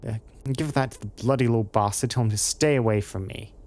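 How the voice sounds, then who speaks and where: A man's voice: mid-range voice, quick pace, darkish tone, close to an everyday voice. A man reading the lines of a nervous, evasive retired thief in a game. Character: shifty retired male thief.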